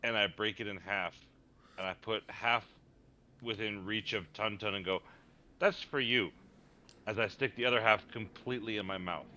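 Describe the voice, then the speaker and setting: A man's voice: lowish voice, fairly even intonation, moderate pace, bright, forceful tone, a little hiss or hum. A man playing a tabletop game, describing his actions in a casual way. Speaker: player.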